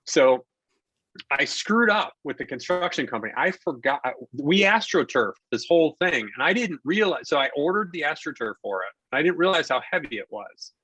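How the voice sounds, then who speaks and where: A man's voice: on the high side, moderate pace, breathy edge, dry recording, low-quality recording. A man in his forties telling a story as a podcast guest, talking casually and acting out the people he quotes. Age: 40s. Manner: animated storyteller who acts out quoted dialogue. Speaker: podcast guest, investor and contractor.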